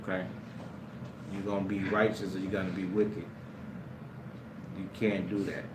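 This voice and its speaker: A man preaching a sermon through a story, often laughing and breaking into shouts. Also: sits low, little pitch movement, moderate pace. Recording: echoey room with loud background noise.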